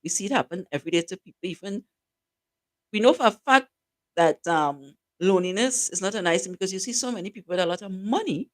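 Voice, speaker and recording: A woman's voice: medium pitch, lively intonation, fast talker. A woman co-hosting a talk show, giving casual advice and teasing her co-host, laughing often.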